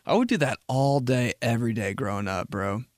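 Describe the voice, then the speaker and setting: A man's voice: mid-range voice, fairly quick, no room sound, studio quality. A young man hosting a casual solo podcast, rambling and joking, saying like a lot. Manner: rambling, jokey, says like a lot. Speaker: podcast host.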